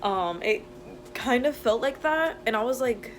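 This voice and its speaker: Excited young woman vlogging through labor. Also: a little high, unhurried, faint music behind, rough recording. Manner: chatty, giggly and excited. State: in labor, pausing through contractions. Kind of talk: casual vlog chat.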